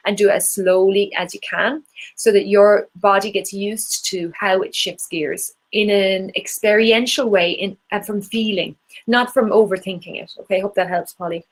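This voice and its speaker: Irish woman, singing teacher, encouraging workshop leader, demonstrates vocal warm-ups. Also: medium pitch, fairly even intonation, moderate pace. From Ireland. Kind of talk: live online singing workshop.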